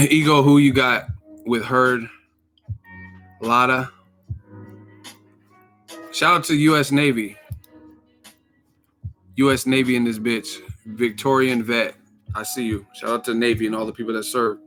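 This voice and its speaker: A man hosting a boxing live stream, hyped and slangy, rattling off quick shout-outs in casual chat. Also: mid-range voice, fairly even intonation, faint music behind. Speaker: boxing channel host.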